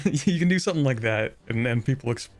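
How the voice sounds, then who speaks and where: Gravelly-voiced man chatting while gaming. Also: medium pitch, expressive, brisk. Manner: rambling, thinking aloud with many fillers and chuckles. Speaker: streamer. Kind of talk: casual live-stream chat while gaming.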